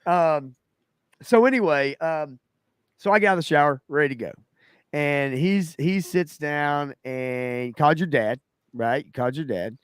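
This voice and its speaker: A man's voice: on the high side, a little slow, clean tone, no room sound, studio quality. A man with a Southern US accent co-hosting a podcast, chatting casually, laughing often and rambling through his stories. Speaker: podcast co-host. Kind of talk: casual storytelling chat.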